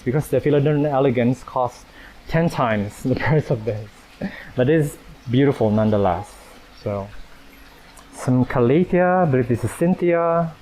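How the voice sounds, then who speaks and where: A man with a mid-range voice gives a casual walkthrough of his houseplants, chatty and self-deprecating and quick to laugh. He moves around with a handheld camera, and a faint hum of ambience sits behind him. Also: medium pitch, a little mellow, poor audio. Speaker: plant channel host. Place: indoor plant collection and nursery.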